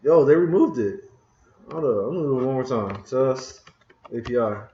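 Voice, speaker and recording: This medium-pitched man speaks at a normal speed with a mellow tone and lively intonation, chatting his way through code in a casual live coding session. Frustrated, he mutters while searching for a tool he can't find, seated at a computer in an echoey room. The lo-fi audio also picks up keys typing and mouse clicks.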